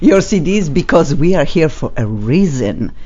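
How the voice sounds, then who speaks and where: Animated non-native radio hostess. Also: female voice, low voice, moderate pace, muffled recording, background noise. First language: not English. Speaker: radio host. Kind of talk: talk radio hosting. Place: radio studio.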